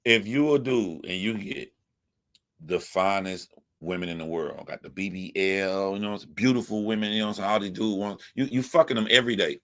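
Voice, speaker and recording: A man's voice: on the low side, normal speed, fairly bright tone. A young man from the United States giving profane, emphatic commentary, repeating his points as he rants. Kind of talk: ranting commentary.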